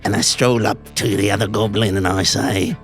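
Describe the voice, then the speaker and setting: A man playing a tabletop game who describes his moves in a hesitant, halting way. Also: lowish voice, fairly even intonation, soft background music. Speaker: player.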